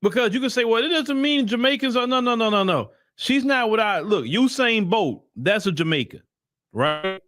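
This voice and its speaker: A man's voice: high voice, animated, normal speed, fairly bright tone, no room sound, clean studio sound. A man hosting his own channel, giving opinionated political commentary in blunt, casual talk and repeating his points for emphasis. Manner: casual vernacular talk to viewers.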